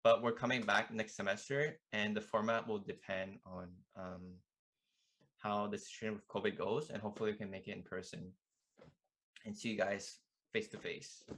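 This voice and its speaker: Young man, low voice, casual language tutor, chatty, lots of fillers. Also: moderate pace. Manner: relaxed, chatty, many fillers like "like" and "you know". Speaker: student club language tutor. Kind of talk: casual online language lesson.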